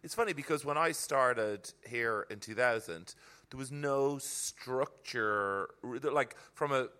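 A man's voice: mid-range voice, unhurried, bright, forceful tone, clear, resonant tone. A man from Ireland, a comedian telling reflective stories in casual chat. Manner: storytelling, reflective. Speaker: comedian guest.

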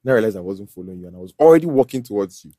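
A man, a guest on a podcast, chatting playfully and laughing loudly. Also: fairly low pitch, animated, racing, dry recording, clean studio sound. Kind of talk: casual chat.

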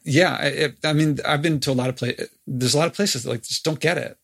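A man leads a conversational interview. His voice is husky, with a gravelly edge. He thinks aloud in loose, reflective phrases. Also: a little high, fast talker, fairly bright tone.

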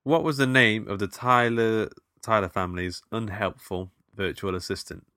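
Bright-voiced man hosting a film quiz. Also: fairly low pitch, moderate pace, no room sound, studio quality. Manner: quizzing with playful banter. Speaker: podcast co-host. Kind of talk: casual film podcast chat.

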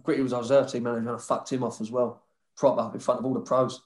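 With a level, mid-range voice, this man talks fast. He's a former footballer guest telling rowdy stories about his playing days in a casual chat, where he swears plenty, laughs a lot, and mimics other people.

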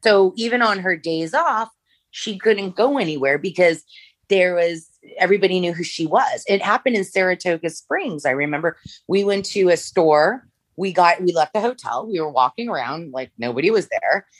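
Low-voiced woman telling stories. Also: expressive, moderate pace, no echo. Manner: rambling, many fillers and restarts. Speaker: former makeup artist, guest. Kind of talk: storytelling interview.

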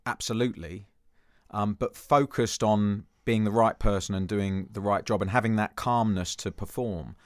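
Being interviewed about his past, the former footballer, a fifty-something from Jersey, talks at a moderate pace in a fairly low, steady tone without echo. He's thoughtful, restarts often, and his humour is dry and self-deprecating.

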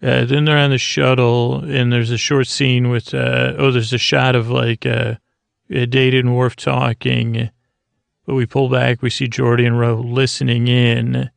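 A man hosts a podcast, giving a meandering TV episode recap meant to help listeners fall asleep, full of fillers and restarts. His medium-pitched voice is level, unhurried and has vocal fry, on a dry recording.

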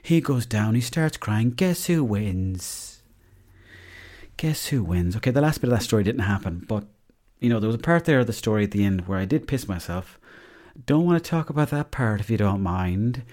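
Low-voiced Irish man telling stories. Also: expressive, brisk, darkish tone. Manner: chatty, swears freely, tall-tale humour. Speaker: podcast host. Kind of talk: casual comic storytelling.

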